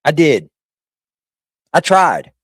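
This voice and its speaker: A man's voice: on the high side, big pitch swings, extremely slow, husky, no echo, clean studio sound. A middle-aged man hosting a casual, profane livestream, brash and mocking, laughing often. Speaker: livestream host reacting to videos.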